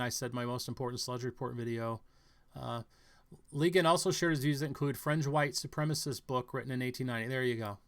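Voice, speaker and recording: In a mid-range voice, a man muses on news stories, speculating as he goes. His commentary is halting, packed with fillers and frequent restarts.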